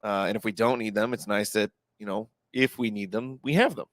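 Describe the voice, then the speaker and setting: A man co-hosting a podcast, chatting casually and relaxed about working in the bar trade. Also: lowish voice, brisk, dry recording. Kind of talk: casual chat.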